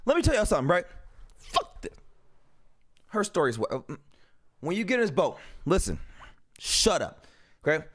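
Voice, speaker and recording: A man hosting a live stream, commenting loudly and emphatically, with frequent swearing. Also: high-pitched, wildly swooping pitch, normal speed, long pauses. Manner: loud, emphatic, swearing, interrupting. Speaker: streamer host.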